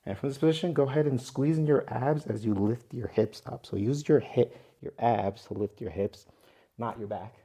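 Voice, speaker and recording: A young man guiding a yoga session in a relaxed, playful way, with jokes between calm breathing cues. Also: mid-range voice, normal speed, slightly rough. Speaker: vlogger leading a yoga session. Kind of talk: guided yoga instruction, casual vlog chat.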